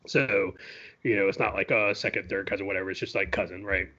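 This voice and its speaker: A man's voice: sits low, fairly even intonation, fast, sharp tone, highs cut off. A man co-hosting a podcast, telling a story in a loose, chatty way, full of "you know" and "right?" asides. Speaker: podcast co-host. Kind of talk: casual storytelling.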